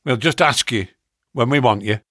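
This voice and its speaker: A man's voice: medium pitch, normal speed, bright, forceful tone, no room sound, clean studio sound. A man voicing a tall, gaunt, forbidding woman with a Northern English accent who speaks curtly and churlishly. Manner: curt, churlish.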